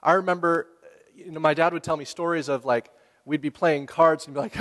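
A man preaching a sermon in a relaxed, conversational way, asking the listeners questions and laughing now and then. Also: a little high, a little fast. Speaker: pastor. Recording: long hall reverb.

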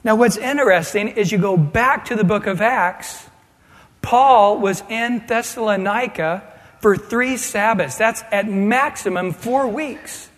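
High-voiced preacher in a reverberant hall. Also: male voice, measured pace, a bit bright. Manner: reads scripture aloud then explains it conversationally. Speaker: pastor. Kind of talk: expository sermon.

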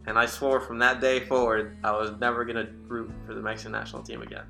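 A man co-hosting a casual sports podcast, laid-back and quick to laugh. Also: medium pitch, level tone, vocal fry, bright, forceful tone, faint music behind. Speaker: podcast co-host.

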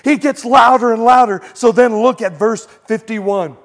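High-voiced man preaching conversationally. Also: moderate pace. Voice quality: blind in one eye. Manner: conversational preaching, building to shouted quotes. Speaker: pastor. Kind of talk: sermon.

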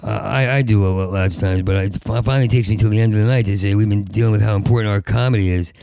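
A man hosting a podcast in a rambling monologue, with a heavy stutter that repeats syllables, and at times rising to a loud urgent plea. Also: lowish voice, steady tone, rapid-fire, creaky, dry recording, clean studio sound. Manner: rises to loud urgent pleading. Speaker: podcast host.

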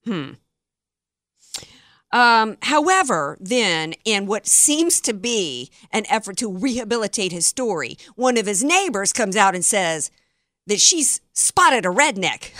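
A woman's voice: medium pitch, very animated, takes it slowly, pushed and bright, no echo. A woman hosting a talk radio show, delivering an opinionated political monologue with sarcasm and indignation into a close studio mic.

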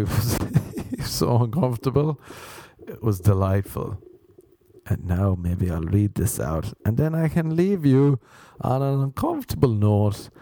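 A man's voice: mid-range voice, a little mellow. A young Irish man doing a rambling comic monologue, self-mocking and meandering, with sudden sung bits and silly voices. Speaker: comedian.

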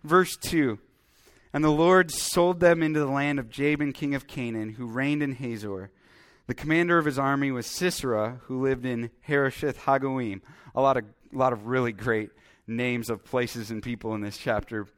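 A man's voice: mid-range voice, moderate pace. A man preaching a sermon, reading Bible verses and commenting as he goes, acting out voices now and then. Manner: animated, acts out voices when telling the story.

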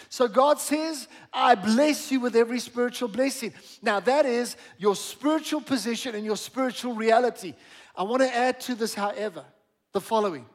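A man preaching a sermon as pastor of a church, slowing down on key words and asking the congregation to repeat after him. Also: very high-pitched.

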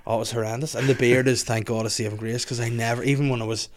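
A man's voice: medium pitch, rapid-fire, slight background noise. A man, a podcast guest, telling stories in casual chat and laughing often. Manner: animated, laughing storyteller.

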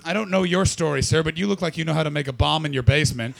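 A man's voice: a little high, expressive, quick pace, vocal fry, a bit bright. A man doing stand-up, brashly and profanely teasing the audience in crowd work. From not from Britain. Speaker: stand-up comedian.

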